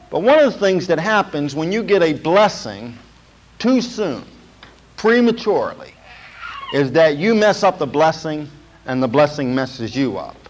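A man's voice: fairly high pitch, slight background noise, low-quality recording. A man preaching a sermon as pastor, emphatic and repetitive, often checking in with the congregation.

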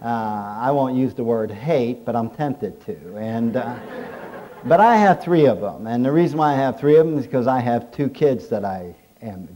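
A middle-aged male preacher with a warm, mellow voice. He delivers his sermon in a folksy storytelling way, working jokes in as he goes. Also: medium pitch, expressive, moderate pace. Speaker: pastor. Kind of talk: humorous sermon.

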